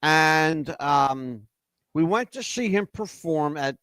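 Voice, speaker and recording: Male talk host, animated and teasing, lively high-ish voice, dry close sound. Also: slow pace, clean tone, no echo. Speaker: show host. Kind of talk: casual chat.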